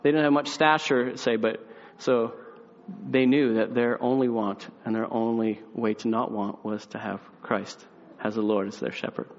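A young man preaching a sermon, telling a family story with lively acted-out voices and sliding into quiet, earnest reflection. His voice sits at an ordinary pitch, sounds slightly muffled, and rings out in a big reverberant hall. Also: a little slow, slight background noise.

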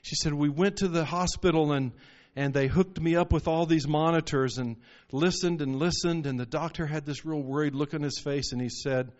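A man's voice: a little high, fairly even intonation, normal speed, few pauses, a little mellow. A man preaching a sermon, telling stories and rising into emphatic bursts. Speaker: pastor. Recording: muffled lo-fi recording.

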